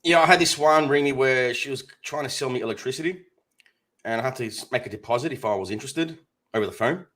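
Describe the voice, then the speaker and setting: A man's voice: medium pitch, quick pace. A man co-hosting a casual chat show, blunt and given to swearing while telling stories. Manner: blunt and swearing, lively storyteller. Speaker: podcast co-host.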